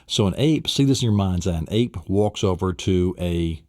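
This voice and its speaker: A man's voice: low voice, normal speed, dry recording, studio quality. A man teaching a memory course in a recorded seminar lesson. He tells vivid little stories with sound effects and keeps asking rhetorical questions. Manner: animated storyteller, adds sound effects and asks rhetorical questions. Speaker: memory-training instructor.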